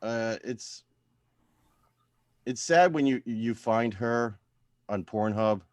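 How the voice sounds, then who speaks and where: A man doing a deadpan stand-up set over a video call from home, trailing off into quiet, self-deprecating mumbles. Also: mid-range voice, slow pace, dry recording, clean studio sound. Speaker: stand-up comedian at open mic.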